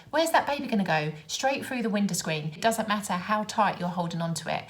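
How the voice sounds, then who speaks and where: A young woman with a London accent vents about her everyday annoyances in a casual vlog. She talks with exasperated sarcasm and animated emphasis. Her pitch sits in an ordinary middle range. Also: brisk, few pauses. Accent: London English. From London, England. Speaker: vlogger.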